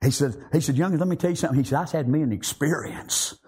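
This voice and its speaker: Male preacher, high husky voice, lively swings, amens throughout. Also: very fast. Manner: animated preaching with frequent repetitions and amens. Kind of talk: sermon.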